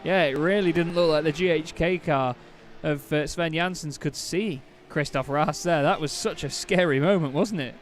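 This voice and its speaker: A man's voice: on the high side, moderate pace, a little hiss or hum. Chatty man calling a sim race. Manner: chatty, self-correcting, excitable at incidents. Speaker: race commentator. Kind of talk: play-by-play sim racing commentary.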